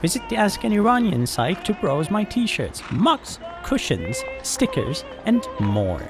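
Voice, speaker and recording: A man's voice: huge pitch swings, measured pace, music in the background, exaggerated voice. A man voicing a cheeky young boy selling merchandise in a comic sponsor skit. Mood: chirpy salesy. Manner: chirpy, salesy, squeaky.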